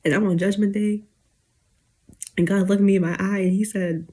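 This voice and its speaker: A young woman in her twenties talks straight to her viewers in a loose, rambling late-night rant, full of fillers and restarts. She is close to tears and keeps fighting to hold it together. Her voice is mellow and a little husky. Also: medium pitch, fairly even intonation, moderate pace. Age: 20s. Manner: emotional, on the verge of tears, rambling with many fillers. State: teary, holding back tears. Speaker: YouTuber.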